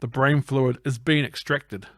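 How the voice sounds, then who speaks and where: A man's voice: mid-range voice, unhurried, no echo. Dry-voiced man recapping a film plot. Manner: recaps the plot in a steady narrating tone, with wry asides. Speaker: podcast co-host narrating a film recap. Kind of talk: casual film review podcast.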